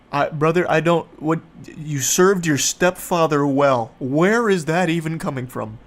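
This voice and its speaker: A man's voice: a little high, a little slow, hardly any pauses. A man giving comedic commentary as he reads text messages aloud, sarcastic, profane and incredulous. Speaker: online commentator.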